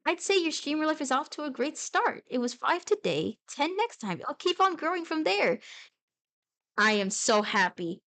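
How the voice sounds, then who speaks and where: A young adult woman chatting casually on a live stream while she draws, playful and rambling, with sudden bursts of excitement. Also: high voice, normal speed.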